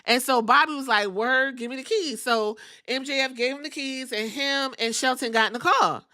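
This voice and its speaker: Middle-aged woman podcast host, casual and profane storyteller, bright and a touch high. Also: moderate pace. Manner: animated storytelling, acting out quotes, swearing freely. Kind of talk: casual recap of wrestling episodes.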